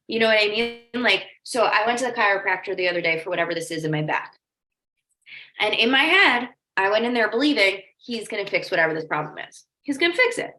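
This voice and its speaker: A woman with a medium-pitched, bright, forceful voice leads a training as a life coach. She keeps it casual and chatty, sprinkling in "like" and drifting into storytelling asides. The room is echoey.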